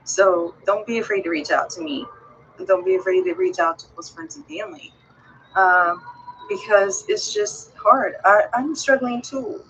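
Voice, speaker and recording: A woman's voice: medium pitch, a bit bright, lo-fi sound, a little hiss or hum. A woman vlogger talking to her viewers in a casual, heartfelt way, rambling and earnest as she encourages them.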